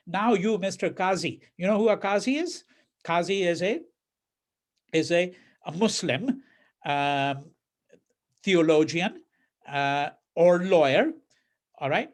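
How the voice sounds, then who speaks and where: Guy lecturing a class, fairly high voice, keeps going "right?", acts out quotes. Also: animated, a little slow, pauses often. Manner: conversational, checks in with "right?", repeats words; reads quoted verses in a mocking voice. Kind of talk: university lecture.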